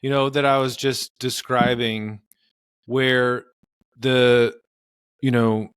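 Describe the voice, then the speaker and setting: A man's voice: medium pitch, little pitch movement, takes it slowly, fairly bright tone, clean tone, no echo, clean studio sound. A man, a marriage and family therapist, explaining in earnest conversational interview advice with frequent fillers. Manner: earnest, explanatory, many "you know" fillers.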